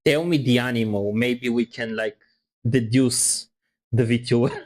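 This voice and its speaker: A man streaming and chatting casually, teasing his friends in a halting way. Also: mid-range voice, steady tone, a little mellow. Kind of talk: casual chat on a live stream.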